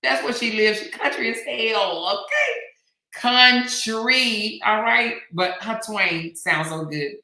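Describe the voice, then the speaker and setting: A woman's voice: fairly high pitch, lively intonation, slow pace, bright, forceful tone, echoey room. A middle-aged woman hosting a casual live stream, chatty and slangy, reading viewer comments aloud. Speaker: host.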